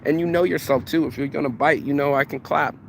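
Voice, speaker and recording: A man's voice: fairly high pitch, fairly even intonation, fast talker, gravelly, slight background noise. A man giving a casual motivational monologue, slangy and profane, who stumbles over repeated words when he gets going. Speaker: motivational vlogger.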